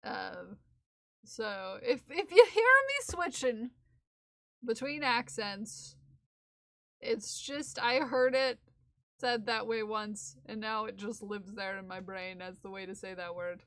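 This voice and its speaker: A woman's voice: mid-range voice, fairly even intonation, slow pace, fairly bright tone, no room sound, clean studio sound. A woman streamer chatting casually with her viewers while she knits, tired and self-deprecating. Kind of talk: casual live-stream chat while knitting.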